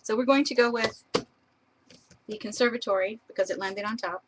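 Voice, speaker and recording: A woman's voice: fairly high pitch, fairly even intonation, a little fast, rough recording. Chatty woman on a craft stream. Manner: chatty, laughs often, admiring asides. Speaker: crafter showing papers. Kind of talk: casual live-stream craft demo.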